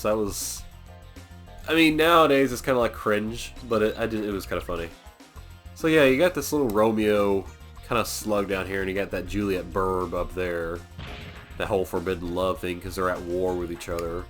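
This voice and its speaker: A man's voice: sits low, a bit bright. A man casually commenting over his gameplay as a let's play host, chatty, rambling and self-deprecating.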